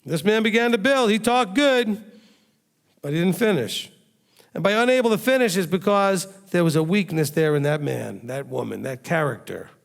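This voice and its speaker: A man's voice: high voice, expressive, moderate pace, gravelly. A man preaching a sermon as a rabbi, emphatic and firing rhetorical questions at his listeners. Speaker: rabbi teaching a congregation.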